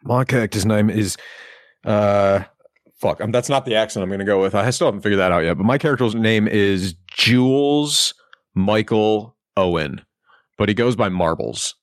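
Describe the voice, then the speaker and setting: An easygoing man with a fairly low voice, recorded dry and close. He chats casually through the game setup in a relaxed, laid-back way. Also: moderate pace, dry recording. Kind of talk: casual tabletop game chat.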